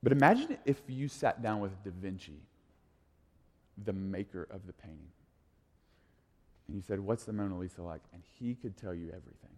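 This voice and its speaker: A man's voice: low voice, very animated, moderate pace, long pauses, darkish tone. A man in his thirties giving a casual, conversational sermon as a youth pastor, in an echoey hall. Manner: casual, conversational, full of "like" and restarts.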